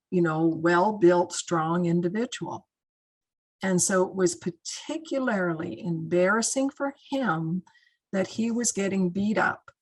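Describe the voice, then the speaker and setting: A woman's voice: lowish voice, breathy edge, rough recording. A middle-aged woman, a guest speaker in crisis intervention, telling stories conversationally in a training session over a video call. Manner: warm, conversational, with many fillers. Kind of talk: training talk with storytelling.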